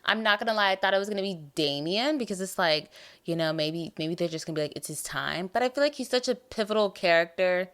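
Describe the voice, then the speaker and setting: Woman, young, American accent, low voice, tired, rambling and animated, casual podcast chat. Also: quick pace, clear, resonant tone. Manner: rambling, animated, trails off and restarts. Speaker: podcast host.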